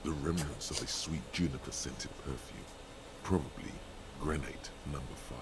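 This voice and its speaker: An actor playing a brooding, grave narrator voice in a video game, speaking in a slow, gravelly way. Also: male voice, a bass voice. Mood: solemn. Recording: game audio with clear background noise.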